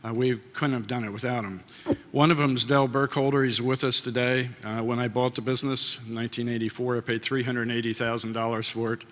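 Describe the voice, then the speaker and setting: A man's voice: medium pitch, little pitch movement, brisk, fairly bright tone. A man in his late fifties giving a folksy, heartfelt award acceptance speech at a podium, with plenty of filler uhs. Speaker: award inductee. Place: large banquet hall. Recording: reverberant hall.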